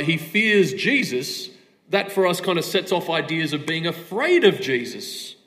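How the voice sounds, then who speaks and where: A man preaching a sermon, asking a string of rhetorical questions with emphatic stress. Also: high-pitched.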